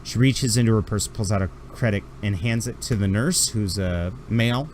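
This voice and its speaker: A man's voice: lowish voice, normal speed, background noise. A man narrating a tabletop game as game master, rambling through descriptions with fillers.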